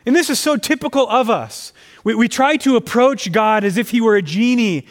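A man's voice: very high voice, moderate pace. A man preaching a sermon, reading scripture aloud and pressing his points with rising emphasis, calling his listeners friends.

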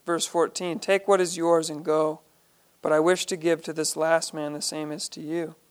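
A man's voice: on the high side, level tone, measured pace, smooth. A man leading a Bible study, reading each verse aloud and then explaining it in plain, earnest terms.

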